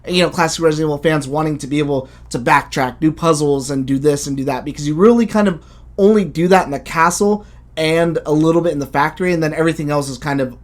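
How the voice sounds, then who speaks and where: Animated, blunt man reviewing a game. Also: a little high, fast. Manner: animated, blunt, swears freely. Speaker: video game podcast host. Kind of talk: casual game review chat.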